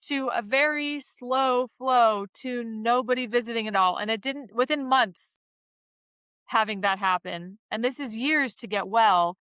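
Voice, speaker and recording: A woman author joins a podcast as a guest and speaks thoughtfully and reflectively. Her voice is high and bright, recorded close and dry. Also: clean tone, dry recording. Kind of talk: reflective interview talk.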